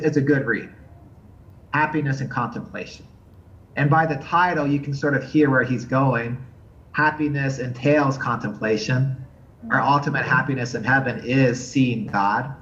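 A man's voice: mid-range voice, a bit bright. Earnest man lecturing on theology, slightly muffled. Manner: earnest, searching for words with restarts. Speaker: theology teacher.

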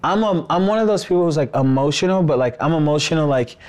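A young man telling a personal story on a podcast in a casual, animated way, dropping "bro" and "like" all through. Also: fairly high pitch, fast talker. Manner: animated, says "bro" and "like" often.

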